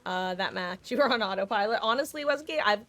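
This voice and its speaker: A woman's voice: mid-range voice, expressive, fast, a bit bright. Goofy woman streamer chatting mid-game. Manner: chatty and goofy, talks while eating. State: allergies, stuffy nose. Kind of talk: casual gaming stream chat.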